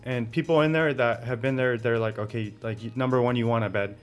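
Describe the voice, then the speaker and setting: A man's voice: mid-range voice, fairly even intonation, fairly quick, soft background music. A man guest telling his story in casual conversation, laughing often and filling with "like". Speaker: interview guest.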